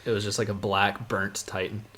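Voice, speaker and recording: Lower-voiced man in casual podcast chat. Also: flat delivery, moderate pace, sharp tone. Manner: earnest, teasing, swears casually. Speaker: podcast co-host.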